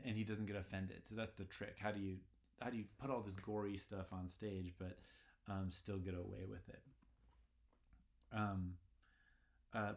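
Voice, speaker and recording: A man's voice: lowish voice, creaky. A man giving a casual literature lecture, talking in a rambling, conversational way with many fillers. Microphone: recorded lecture video.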